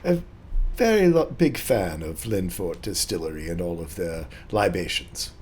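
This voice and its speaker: Courtly, flirtatious noblewoman, lilting and lively, as a man puts her on. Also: sits low, measured pace, slight background noise.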